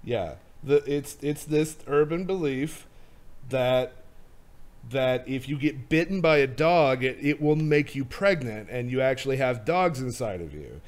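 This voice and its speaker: A man's voice: mid-range voice, expressive, measured pace. A man hosting a podcast in casual chat, rambling and restarting his sentences. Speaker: podcast host.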